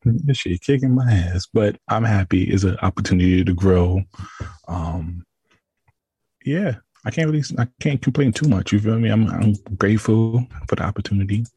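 Husky low-voiced man, laid-back podcast host. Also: normal speed, mellow, no room sound. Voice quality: husky, low sultry put-on voice. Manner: laid-back, laughing, slangy. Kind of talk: casual podcast chat.

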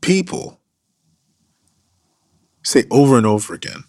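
A man's voice: mid-range voice, lively intonation, brisk, pauses often, darkish tone, no room sound, clean studio sound. A man preaching a sermon as pastor, earnest, sometimes dropping to a whisper for emphasis.

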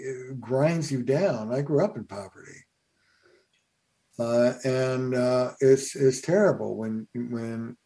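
A man's voice: mid-range voice, vocal fry, warm tone. A man who is a family therapist, speaking as a guest in a reflective conversation with frequent hesitations. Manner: many halting fillers and restarts.

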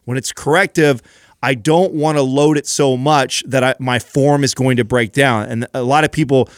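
A man's voice: medium pitch, steady tone, brisk, no echo, studio quality. A man co-hosting a fitness podcast, explaining training tips in casual chat with frequent restarts. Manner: coaching, explains with repeated restarts. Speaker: podcast co-host.

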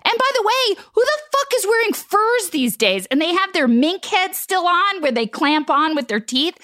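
A woman's voice: mid-range voice, expressive, moderate pace, fairly bright tone, no echo, studio quality, natural voice. A woman playing a cranky, impatient podcast co-host who talks in a blunt, sarcastic and foul-mouthed way. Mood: snarky.

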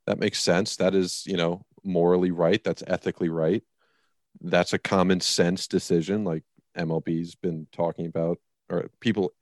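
A man's voice: low-pitched, darkish tone, no room sound, studio quality. A man co-hosting a casual sports podcast, talking in a rambling, emphatic way. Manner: rambling, emphatic, swears when worked up. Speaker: podcast co-host.

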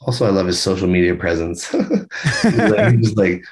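A man's voice: low-pitched, very animated, normal speed, slightly rough. A man, a band member, chatting loosely in a video-call interview, rambling with lots of fillers and the odd swear.

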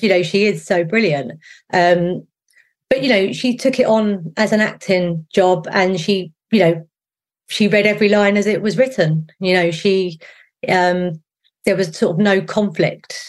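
Woman, South East London accent, middle-aged, lowish voice, chatty, full of restarts. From England. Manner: chatty, animated, many fillers and restarts. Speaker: showrunner guest. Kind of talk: casual interview answers.

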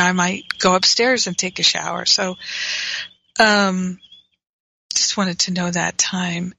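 Bright-toned woman telling a personal story. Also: mid-range voice, creaky, no room sound. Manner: earnest, frank, reflective. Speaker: spiritual teacher and podcast host. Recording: dry, slightly dull sound.

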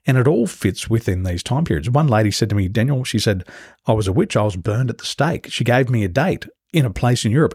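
A man's voice: on the low side, darkish tone, breathy edge, dry recording, studio quality. A man who is a business coach, telling stories as a guest in an interview and acting out the voices of the people he quotes. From Australia. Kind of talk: storytelling interview.

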